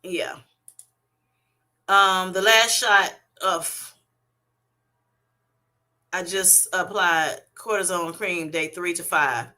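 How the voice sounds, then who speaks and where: Bright-voiced woman hosting a laughing live chat. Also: on the low side, drawn-out words, pauses often. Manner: animated, laughing often, reading chat comments aloud. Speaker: livestream host. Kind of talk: casual livestream chat. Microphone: webcam or streaming setup.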